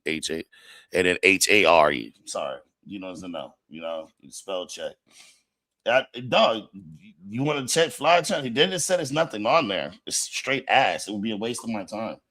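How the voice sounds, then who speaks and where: A man's voice: fairly low pitch, dry recording, clean studio sound. Man ranting profanely on a livestream. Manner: profane, mocking, swings loud and quiet. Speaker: livestream host. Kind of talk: heated livestream rant.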